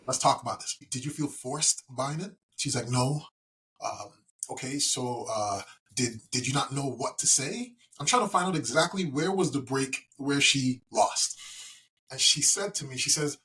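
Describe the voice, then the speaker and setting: A middle-aged man, a podcast guest, telling a story in a calm, measured way. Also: mid-range voice. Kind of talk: conversational storytelling.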